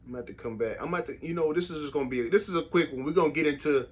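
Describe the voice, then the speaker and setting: A middle-aged man hosting a casual faith podcast from his home basement, speaking in a reflective, halting way with frequent restarts. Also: fairly high pitch, slight background noise. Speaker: podcast host.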